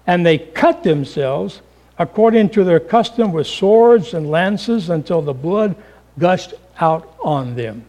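A middle-aged male pastor preaching a sermon, dramatic, acting out voices and swinging between loud calls and hushed lines, calling the listeners folks. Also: sits high. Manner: addresses the congregation as folks.

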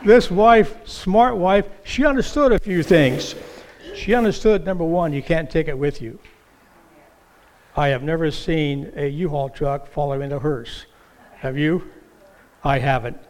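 An older man preaching a sermon as pastor in a church, slow and halting, with many fillers. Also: fairly high pitch, a little mellow.

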